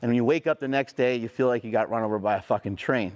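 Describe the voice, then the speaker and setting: A middle-aged man giving a motivational speech, telling a personal story in a profane, animated way. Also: mid-range voice, fast talker, muffled recording. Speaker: motivational speaker.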